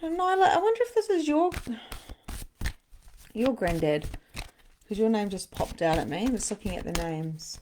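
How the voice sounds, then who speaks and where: A middle-aged woman hosting a live spiritual session as a medium, chatting casually, laughing often and breaking into sudden excited bursts. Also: mid-range voice, moderate pace, long pauses, slight background noise. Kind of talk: casual live-stream channeling.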